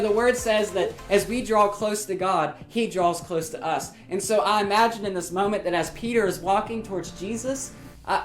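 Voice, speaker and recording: Animated woman telling kids a Bible story. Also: on the high side. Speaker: children's ministry leader. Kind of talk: children's Bible story recap. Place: church children's ministry. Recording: roomy with faint music.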